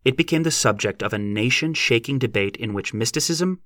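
A man reading an audiobook in measured, scripted narration. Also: mid-range voice, animated, fairly bright tone, no room sound, studio quality.

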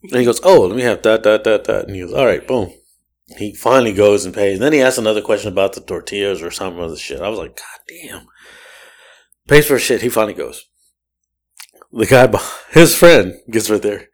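A man's voice: fairly low pitch, fairly quick. Laughing, swearing man telling a story. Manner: animated, profane, laughs often, mimics people in his story. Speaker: podcast host. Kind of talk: casual storytelling chat.

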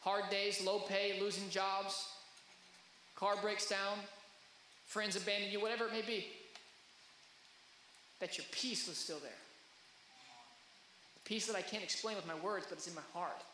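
A man in his thirties preaching a sermon, telling stories that swing from hushed to loud. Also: high voice, fairly even intonation, a little slow, long pauses, slight background noise. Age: 30s. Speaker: pastor. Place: church hall. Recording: echoey hall.

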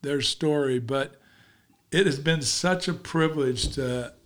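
A man's voice: fairly high pitch, unhurried, a bit bright. A man hosting an interview, often chiming in with short agreeing words. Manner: affirming, frequent agreeing interjections. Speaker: host. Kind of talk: interview conversation.

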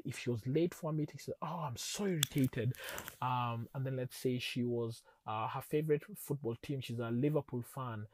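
A man hosting a teaching series on relationships, telling stories in a lively, animated way and often laughing. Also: medium pitch, a little hiss or hum, poor audio. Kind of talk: casual teaching talk.

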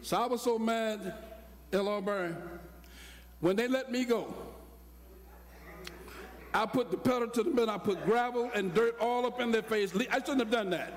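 An older man preaching a sermon, telling a story with acted-out dialogue and rising to shouts. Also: very high voice, normal speed, pauses often. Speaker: pastor. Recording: long hall reverb.

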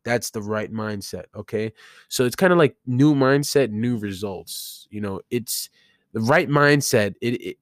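A man's voice: fairly low pitch, no room sound, clean studio sound. A man hosting a solo podcast, talking casually and rambling with many fillers and restarts. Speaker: podcast host.

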